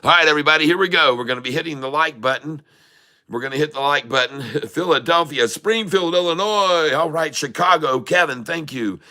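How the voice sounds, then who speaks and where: A man's voice: fairly high pitch, fairly quick, bright, forceful tone. Upbeat man hosting a trading stream. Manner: upbeat, reads out viewer comments, hypes the audience. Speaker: day-trading livestream host. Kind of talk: live-stream chat with viewers.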